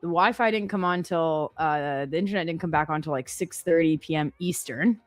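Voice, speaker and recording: A woman with a fairly low voice talks casually on a live stream. She is chatty and self-deprecating and keeps quoting her own thoughts. Faint music plays underneath. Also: fairly quick. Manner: chatty, self-deprecating, quotes herself often. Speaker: co-host trading live.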